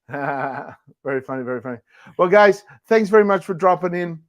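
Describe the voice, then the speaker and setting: A man's voice: sits high, animated, normal speed, no echo. A man co-hosting a casual talk show, telling stories with a playful manner and mimicking animal and neighbor voices. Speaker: co-host. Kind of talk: casual chat.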